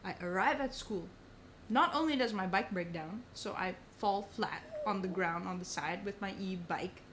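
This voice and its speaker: A young woman, a podcast guest, telling a story in casual chat, animated and swearing often. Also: mid-range voice, moderate pace, noisy background. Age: young adult. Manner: animated, swears a lot, says "bro" often.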